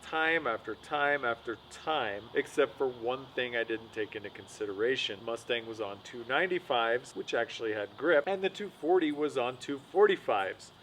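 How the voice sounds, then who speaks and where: A man's voice: mid-range voice, expressive, moderate pace, few pauses, a bit bright, a little hiss or hum, low-quality recording. A young man telling a story in a casual, self-deprecating voice-over as host of his own vlog. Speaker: vlogger, host of the show.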